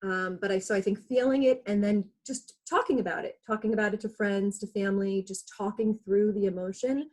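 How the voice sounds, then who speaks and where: A woman talks through her feelings on a video call, circling back with fillers and half-finished thoughts. Her voice sits at an ordinary middle pitch. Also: steady tone, fairly quick, hardly any pauses, a little mellow. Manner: reflective, rambling with fillers. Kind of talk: casual chat.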